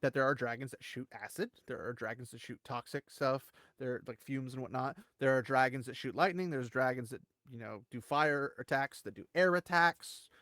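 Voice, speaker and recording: A man hosting casual online commentary, rambling and animated, with big jumps in pitch to stress his points. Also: normal speed, few pauses, no echo. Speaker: channel host.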